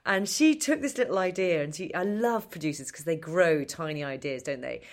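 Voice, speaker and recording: Woman guest, middle-aged, lowish voice, animated storytelling, laughs a lot. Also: moderate pace. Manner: animated, self-mocking, laughs often. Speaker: podcast guest. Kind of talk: chatty storytelling interview.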